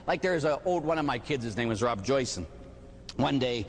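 A man who is a Catholic priest, giving an animated sermon with rhetorical questions and little stories. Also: medium pitch, moderate pace. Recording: hall reverb.

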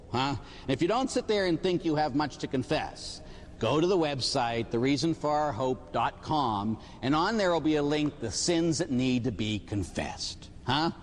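Lively male priest preaching in a hall. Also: fairly high pitch, a little hiss or hum. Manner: animated storytelling with rhetorical questions. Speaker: Catholic priest. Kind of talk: sermon. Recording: hall reverb.

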